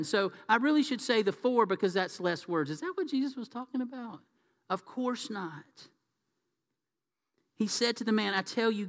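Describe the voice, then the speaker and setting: High-voiced preacher in an echoing hall. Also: male voice, creaky. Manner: animated storytelling, acting out voices. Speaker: pastor. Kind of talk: sermon. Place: church hall. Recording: reverberant church hall.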